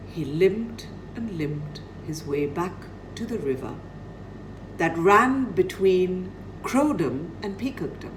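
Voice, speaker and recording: A woman's voice: lowish voice, noisy background. A woman telling a children's story dramatically, dropping to near-whispers for effect.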